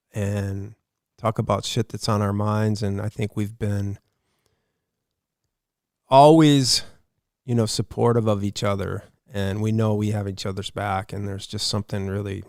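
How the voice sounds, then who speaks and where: Low gravelly man in casual chat. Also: dry recording, clean studio sound. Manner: earnest, relaxed, talking with a buddy. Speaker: podcast co-host.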